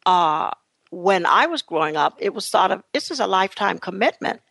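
A middle-aged woman hosting a radio talk show, musing and rambling before rising into animated questions. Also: mid-range voice, normal speed, vocal fry, dry recording. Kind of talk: casual radio chat.

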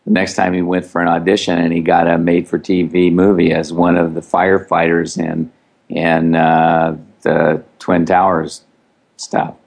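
A man's voice: sits low, completely flat delivery, unhurried, creaky, a little mellow. A man co-hosting, giving instructive advice with wry asides in a casual chat. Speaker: co-host.

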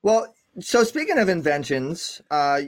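An upbeat, chatty man hosts a live interview show over a video call. His voice sits a bit high for a man, and the sound is dry and close, with no room around it. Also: very animated, a little slow, no room sound. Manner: upbeat, chatty, repeats words. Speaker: show host.

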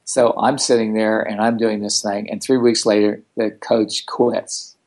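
A man telling stories in a relaxed interview, blunt and animated, with a casual, profane way of talking. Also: lowish voice, unhurried. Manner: blunt, animated, swears freely. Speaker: guest, founder of a self-help organization. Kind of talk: casual storytelling in conversation.

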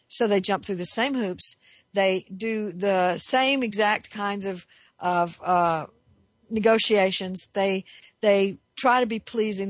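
A woman's voice: mid-range voice, no echo. A woman giving an earnest, emphatic monologue as a self-help speaker, asking rhetorical questions and answering them. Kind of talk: reflective monologue. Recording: dry, muffled recording.

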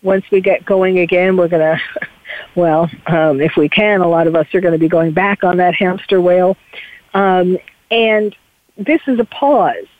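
A woman's voice: on the low side, steady tone, measured pace, no echo. A woman with a New York accent hosting an advice radio show, talking in a chatty, hesitant way with many ums and restarts. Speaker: radio show host, psychologist. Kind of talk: casual advice talk. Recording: dry tinny phone-like sound.

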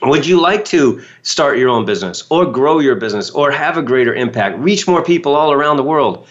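Animated man telling a story. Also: medium pitch, fairly quick. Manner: animated, acts out quoted voices. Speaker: motivational speaker. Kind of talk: storytelling talk to an audience. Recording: dull lo-fi sound.

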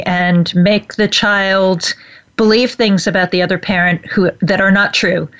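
Brief: woman interviewer, measured and thoughtful, mid-pitched, dull lo-fi recording. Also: fairly bright tone. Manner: thoughtful, thinks aloud before asking. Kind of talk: interview questions. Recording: dull lo-fi audio.

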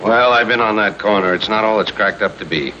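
An actor playing a worldly, sly charmer with a breezy, knowing manner. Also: male voice, lowish voice, a little fast, pushed and bright, muffled recording, slight background noise.

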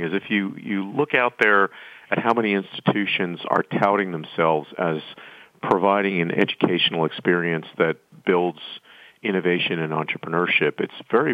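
A very low-pitched man speaks as an interview guest, measured and thoughtful, often restarting his sentences. The recording is dull and lo-fi, with a dry, close sound. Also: dry recording. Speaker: nonprofit chief executive, guest. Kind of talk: interview answers.

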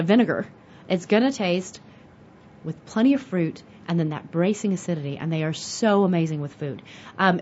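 An American woman hosting a wine show, chatting casually as she teaches and asking and answering her own questions with animation. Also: lowish voice. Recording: dull lo-fi audio with faint hiss.

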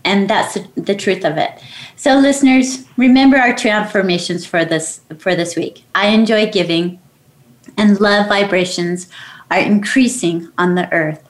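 A woman's voice: medium pitch, moderate pace. A woman hosting a radio talk show, gushing with praise and closing with affirmations. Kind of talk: enthusiastic chat and sign-off.

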